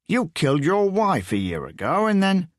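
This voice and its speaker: A man's voice: sits high, wildly swooping pitch, normal speed, no room sound, studio quality, voice pushed up. A man voicing a smug, sadistic male gunman in an audiobook, with a sneering, gloating, crude manner. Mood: taunting. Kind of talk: audiobook character voice.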